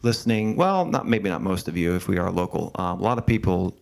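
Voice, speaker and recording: Rambling low-voiced podcast host. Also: male voice, animated, brisk, creaky, a little mellow. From Berks County, Pennsylvania. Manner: rambling, many fillers and restarts. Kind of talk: casual interview hosting. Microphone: camera setup, host seen.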